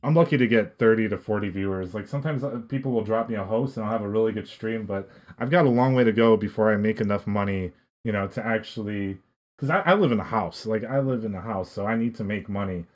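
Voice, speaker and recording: A man's voice: lowish voice, fast. A young man and podcast guest, telling a casual story in a rambling way with many restarts. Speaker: podcast guest, esports coach.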